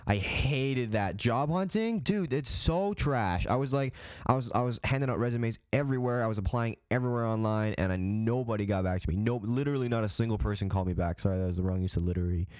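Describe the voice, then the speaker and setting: Young man, late teens, low voice, casual rambling podcast talk, swears a lot, dry close sound. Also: quick pace, darkish tone, clean tone, no echo. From Calgary, Canada. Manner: rambling, profane, lots of restarts and fillers. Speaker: podcast host. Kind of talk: casual storytelling monologue.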